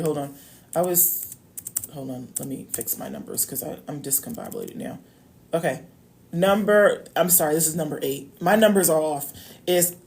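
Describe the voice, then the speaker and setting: A woman coach speaks in a fairly low voice, with casual advice aimed straight at her viewers. She is chatty and personal, repeats her key points for emphasis and keeps checking in with "okay?". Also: a little mellow. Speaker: love coach. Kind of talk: casual direct-to-camera advice talk.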